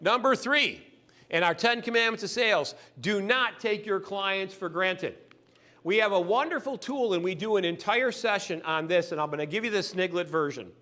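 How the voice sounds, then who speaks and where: Man, sales trainer, bright voice, very lively pitch, animated, acts out customer dialogue. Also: moderate pace.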